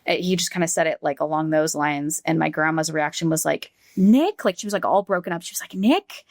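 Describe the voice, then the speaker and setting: A woman speaks low and gravelly as she recounts a painful memory, stopping and restarting, leaning on "like", and slipping into the voices of the people she quotes. The sound is dry and close, with almost no room around it. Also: steady tone, no echo. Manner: halting, heavy use of "like", acts out quoted voices. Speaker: podcast guest. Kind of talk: emotional conversational storytelling.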